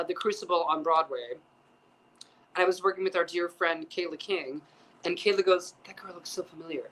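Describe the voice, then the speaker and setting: A man's voice: high voice, poor audio. A man hosting a casual chat show from a piano bar, telling stories in a campy, chatty way, swearing freely and acting out the people he quotes. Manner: chatty, campy and profane, with animated quoted voices. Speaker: host.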